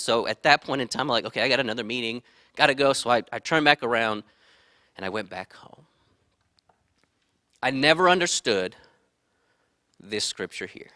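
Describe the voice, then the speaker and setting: A middle-aged man telling a personal story, candid and rambling, stumbling over repeated words. His bright, clear voice sits in a dry, close recording. His tone drops to quiet asides and rises to loud, heated bursts. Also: mid-range voice, normal speed, long pauses, dry recording.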